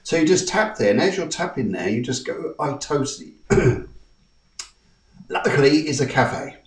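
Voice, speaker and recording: A man hosts a live-streamed spiritual show and leads listeners through tapping affirmations in a soft, coaxing way. He sits some distance from the mic, so his voice carries a roomy echo. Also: mid-range voice, very animated, normal speed. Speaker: host.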